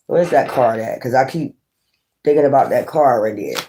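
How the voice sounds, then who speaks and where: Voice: mid-range voice, moderate pace, dark tone, slight background noise. Tarot reader ranting casual to camera, cussing a lot, repeats stuff for emphasis. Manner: rambling, profane, emphatic.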